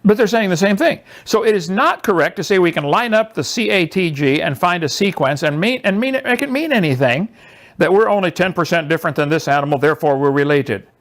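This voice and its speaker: A man lecturing a small audience, sarcastic and mocking, with an animated, emphatic delivery. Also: high-pitched, a little fast. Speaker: presenter.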